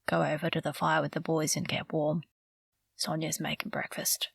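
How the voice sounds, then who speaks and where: A woman voicing a grim adult man who speaks in a low, exaggeratedly calm voice for a storybook. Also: moderate pace, vocal fry, breathy edge, dry recording, heavily acted. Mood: calm, firm.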